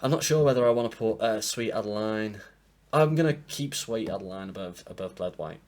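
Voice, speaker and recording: A man's voice: on the low side, lively intonation, fairly quick, a little mellow. A man rambles casually through an album ranking at his desk. He sounds tired and is self-deprecating and apologetic as he talks. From England. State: tired from lack of sleep. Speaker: music reviewer. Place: home room at a desk. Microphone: desk mic propped up, sometimes knocked.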